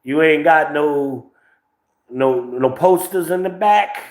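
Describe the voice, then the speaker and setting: Recorded on a phone without a microphone in an echoey room, a podcast host from New Jersey delivers brash, profane, rambling livestream commentary in a New Jersey accent. He speaks slowly in a fairly high voice.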